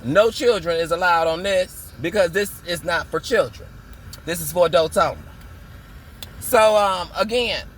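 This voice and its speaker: Sassy high-voiced man ranting. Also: fairly bright tone, a little hiss or hum. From Muskegon, Michigan. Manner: sassy, dramatic, drawn-out emphasis. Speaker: vlogger. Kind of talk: casual vlog rant. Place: car, in a parked or moving vehicle.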